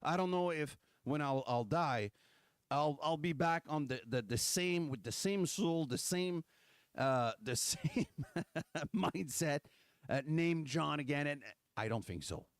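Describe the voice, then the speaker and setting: A man, talking loosely and sarcastically as the host of a political livestream. His pitch jumps around a lot, and he often restarts his sentences. The sound is dry and close, with almost no room around it. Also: animated, measured pace, no room sound. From Quebec, Canada. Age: 40s. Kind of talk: casual political talk.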